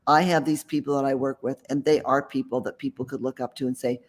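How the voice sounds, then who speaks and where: In this interview, the guest is an author and mentor who talks casually and confidently, drifting a bit and starting over now and then. He has a mid-range, fairly even voice and speaks quickly.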